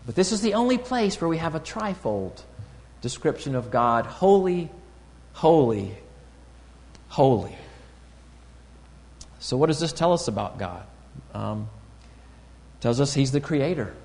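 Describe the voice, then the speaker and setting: A man delivers a sermon in a measured, teaching manner, stopping to search for words. His voice sits a bit high for a man. The sound rings with the long reverb of a large hall. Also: very animated, vocal fry, a little mellow. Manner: deliberate, teaching tone with pauses and fillers. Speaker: preacher.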